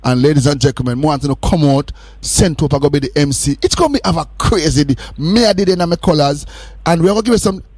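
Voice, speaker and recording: A jovial Jamaican man hosts a radio show in a fairly high voice, teasing his co-host and laughing often. The recording is close and dry, with no room sound. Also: quick pace, a little mellow, slightly rough, dry recording. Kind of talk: casual radio banter.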